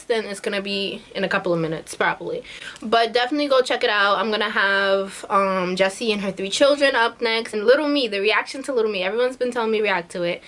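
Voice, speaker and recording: A woman's voice: fairly high pitch, fairly bright tone. A young woman in her twenties chatting casually in a reaction vlog, bubbly and full of slang, laughing often. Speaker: YouTube reaction vlogger.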